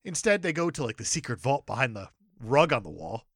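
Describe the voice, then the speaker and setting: A man co-hosting a podcast, recapping a TV episode in casual chat, animated and jokey, acting out quotes. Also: mid-range voice, a little fast, no echo, clean studio sound. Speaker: podcast co-host.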